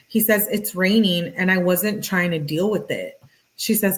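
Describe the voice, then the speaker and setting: Low-voiced woman reading texts aloud. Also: measured pace, low-quality recording. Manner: casual, conversational, with filler "like". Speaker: channel host. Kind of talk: reading text messages aloud with casual commentary.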